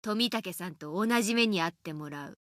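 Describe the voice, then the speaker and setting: A woman voicing an unsettling teenage girl in an anime game, taunting and menacing, with a soft breathy edge. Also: mid-range voice, animated, quick pace, lightly acted. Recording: game audio over background music.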